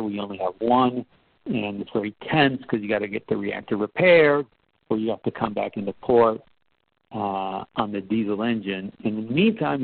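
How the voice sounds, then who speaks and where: Guy telling a leadership story, chatty and lively, thin phone-like sound, dry. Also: creaky, no echo. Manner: animated, acts out quotes with rising pitch; conversational, with fillers and restarts. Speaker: speaker at a leadership talk. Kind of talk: storytelling talk.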